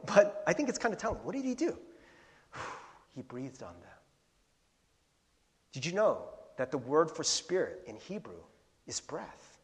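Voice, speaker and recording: A male pastor preaching a conversational sermon, animated, asking the congregation questions and acting out the voices he quotes. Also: a little high. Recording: long reverb of a large hall.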